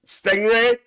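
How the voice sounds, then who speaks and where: A man's voice: sits high, fairly bright tone, full character voice. A man doing a cackling Northern Irish aunty. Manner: chatty, bawdy, cackles constantly. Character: cheeky gossipy Northern Irish aunty, woman. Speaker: live-stream host. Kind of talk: live-stream banter in character.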